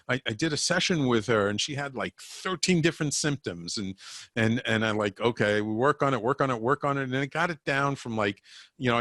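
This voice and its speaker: A man's voice: mid-range voice, no room sound. Man telling stories in a dry room. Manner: animated anecdotes with stammered restarts. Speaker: guest, energy healer. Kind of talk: casual interview storytelling.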